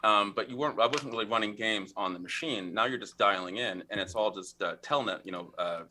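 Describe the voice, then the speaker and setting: A man's voice: fairly low pitch, brisk, sharp tone, slight background noise. A middle-aged man, a podcast guest, telling a rambling story in casual interview talk, full of fillers and restarts.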